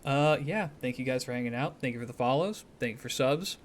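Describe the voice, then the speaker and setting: A man's voice: mid-range voice, lively intonation, fairly quick, slight background noise. A man streamer talking casually and animatedly to his viewers, swearing freely as he rambles through opinions and sign-offs.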